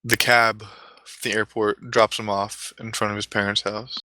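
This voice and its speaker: A man's voice: on the low side, little pitch movement, moderate pace, pushed and bright, no echo, low-quality recording. A man narrating a mock-epic comedic story in a rambling, mock-solemn way, often correcting himself.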